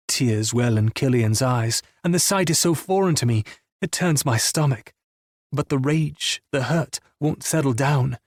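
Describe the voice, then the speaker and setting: A man's voice: medium pitch, measured pace, no room sound, clean studio sound. A man narrating a first-person romance audiobook in an intense, emotional reading.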